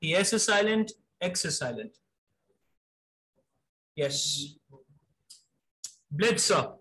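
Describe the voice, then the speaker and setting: High-voiced man quizzing vocabulary. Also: expressive, pushed and bright, poor audio. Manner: brisk, mixes Urdu into English, calls students "sir". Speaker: vocabulary teacher. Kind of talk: live online class, quizzing students.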